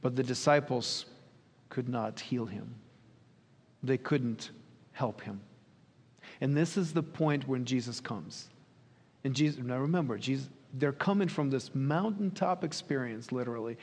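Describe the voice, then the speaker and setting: A man's voice: medium pitch, expressive, measured pace, darkish tone, breathy edge. A man preaching a sermon in an earnest, questioning way, sometimes acting out quoted dialogue. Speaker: pastor. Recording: long reverb of a hall.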